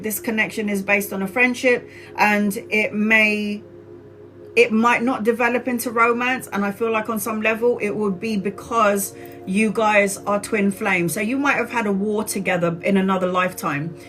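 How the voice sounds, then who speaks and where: A woman giving live-stream tarot readings in an excitable way, often laughing and exclaiming, and calling viewers sweetheart. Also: medium pitch, rough recording. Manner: affectionate, calls viewers sweetheart. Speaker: tarot reader.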